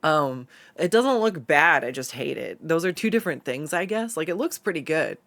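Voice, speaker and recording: A woman's voice: sits low, expressive, moderate pace, fairly bright tone, no echo. A young woman streamer telling stories in casual chat, laughing often and swearing freely.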